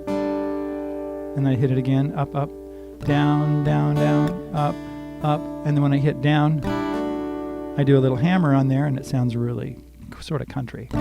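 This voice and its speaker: A man's voice: fairly high pitch, vocal fry. An older man giving a live-streamed guitar lesson, talking through chords and strum patterns and chatting with viewers by name. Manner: talks through chords and strums, sings lines softly. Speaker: guitar teacher. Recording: guitar playing under the voice.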